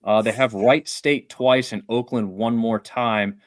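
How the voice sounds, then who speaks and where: A man's voice: mid-range voice, measured pace, no echo, studio quality. A man co-hosting a casual sports talk show, weighing a team's chances with hedges and trailing asides. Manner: lively, hedging, trails off softly. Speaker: podcast co-host.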